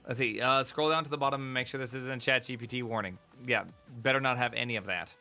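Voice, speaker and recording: A man's voice: medium pitch, fast, faint music behind. A man chatting casually on a live stream as he reads tech articles, rambling and joking with his chat. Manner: animated, jokey, rambling asides to chat.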